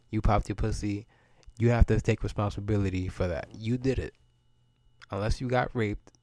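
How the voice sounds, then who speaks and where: A man's voice: fairly low pitch, vocal fry, darkish tone, no room sound. A man, hosting a solo podcast and ranting in a loose, profane, rambling way, often repeating words as he goes. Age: 30s. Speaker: podcast host.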